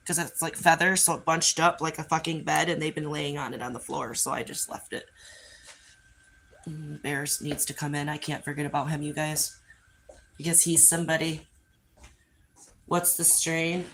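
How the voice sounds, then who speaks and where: A woman's voice: sits low, fairly bright tone, a little hiss or hum, poor audio. A woman hosting a casual livestream outdoors by a pool, talking loosely and profanely while coaxing her dogs along. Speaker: livestream host.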